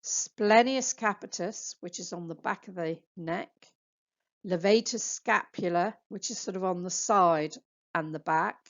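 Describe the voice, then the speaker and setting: A woman therapist giving a slow, patient anatomy lecture on slides, spelling out muscle names for practice. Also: on the low side. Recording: dull lo-fi sound.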